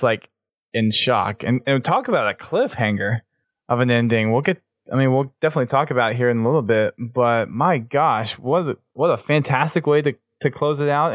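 A man hosting a casual podcast, excitable, laughing often and trailing off mid-sentence. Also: mid-range voice, normal speed, no room sound, studio quality. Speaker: podcast host.

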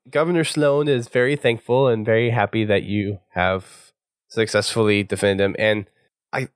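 A man's voice: on the low side, clean tone, no room sound. Male walkthrough host, casual and chatty, dry close sound. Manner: relaxed, chatty, laughs often. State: recovering voice. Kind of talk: casual gameplay commentary.

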